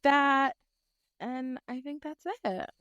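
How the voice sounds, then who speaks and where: A woman's voice: high voice, slow, dull audio, over a noisy crowd. A young woman hosting a casual sports podcast, upbeat as she runs through reminders and the sign-off. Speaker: podcast host.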